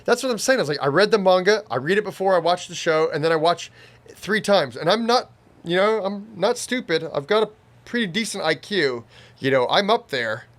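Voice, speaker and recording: Man, rather high voice, rambling casual co-host of an anime review chat. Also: lively intonation, brisk, fairly bright tone. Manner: rambling, restarts a lot, acts out quotes. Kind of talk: casual reaction discussion.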